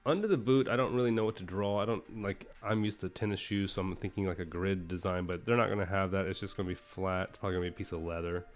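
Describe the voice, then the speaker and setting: A man's voice: low-pitched, fairly even intonation, fast talker, few pauses, soft background music. A man livestreaming while he sketches, rambling casually with lots of fillers and self-deprecating asides.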